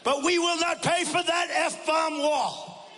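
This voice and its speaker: A man doing a mocking, exaggerated impression of a furious male former president shouting defiance at a rally. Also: extremely high pitch, fairly even intonation, slow pace, pitched above the performer's own voice, full character voice. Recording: rally hall reverb with crowd ambience.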